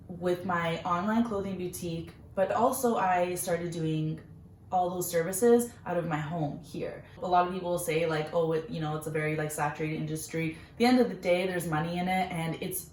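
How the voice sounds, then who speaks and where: A young woman with a lowish voice tells her own story in a chatty, earnest way, full of fillers. Her voice rings in a roomy space, with a faint hiss of noise behind it. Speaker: vlogger, small business owner. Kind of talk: casual personal storytelling.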